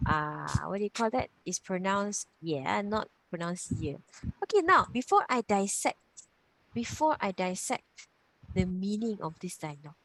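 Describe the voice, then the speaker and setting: A woman teaching Mandarin online patiently walks through grammar on a video call and goes over key points again. Her voice is medium-pitched, with no room sound.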